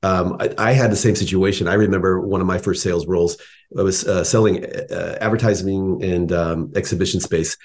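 A man talking casually as an interview guest, relaxed and encouraging. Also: deep voice, fairly quick. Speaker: interview guest, company CEO. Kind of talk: casual conversation.

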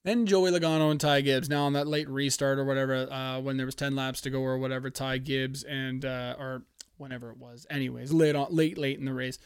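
A man from Canada hosting a podcast, chatting casually in a profane, excitable, rambling way on a headphone-wearing podcast setup. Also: medium pitch, brisk, clean tone, dry recording, clean studio sound. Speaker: podcast host. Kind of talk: casual chat. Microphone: headphones, podcast mic.

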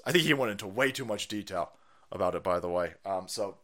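A man live-streaming a profane, mocking rant as a show host, with angry shouted bursts. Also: fairly low pitch, lively intonation, fast talker. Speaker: political streamer.

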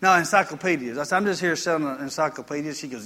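A man's voice: fairly high pitch, quick pace, few pauses, pushed and bright. A man preaching a sermon, telling folksy stories and building to emphatic points. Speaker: pastor. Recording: long reverb of a church hall.

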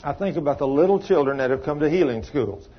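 A man's voice: a little high, animated, fast talker, slightly rough. A man preaching a sermon, telling folksy stories and acting out the people in them, recorded on dull lo-fi audio. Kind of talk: storytelling sermon.

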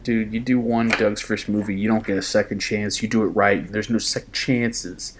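A man co-hosting a casual podcast, ranting in an animated way and laughing often. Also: on the low side, normal speed. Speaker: podcast co-host.

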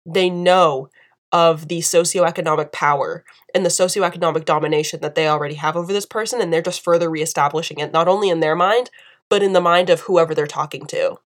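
A young woman speaks to camera in an indignant, emphatic way, hammering her points home by repeating them. Her voice sits on the low side for a woman. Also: steady tone, brisk. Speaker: video commentator. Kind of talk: impassioned commentary.

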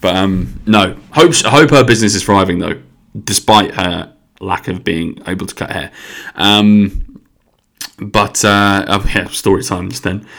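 Deep-voiced young podcaster, rambling. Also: male voice, a little slow, creaky, fairly bright tone. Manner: rambling, swears freely. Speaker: podcast host. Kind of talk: casual solo podcast monologue. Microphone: podcast microphone.

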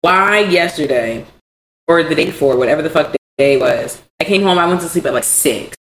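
A young woman co-hosting a podcast in casual chat, candid and animated, swearing freely. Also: sits low, brisk. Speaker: podcast co-host. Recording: echoey room, faint background noise.

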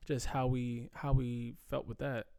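A man's voice: mid-range voice, little pitch movement, unhurried, gravelly, darkish tone, clear, resonant tone. A man co-hosting a podcast, teasing his partner in slangy, playful banter. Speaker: podcast co-host. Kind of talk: casual chat.

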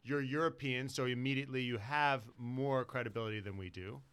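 A man co-hosting a podcast in casual chat, excitable, laughing often and swearing freely. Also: medium pitch, fairly quick, clean tone. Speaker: podcast co-host.

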